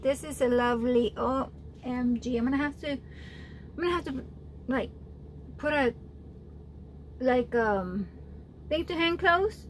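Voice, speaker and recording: A woman chatting casually while opening mail on a home craft vlog, gushing and excitable with frequent exclamations. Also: high-pitched, unhurried, pauses often, a little hiss or hum. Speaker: craft vlogger opening birthday challenge mail. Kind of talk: casual unboxing chat.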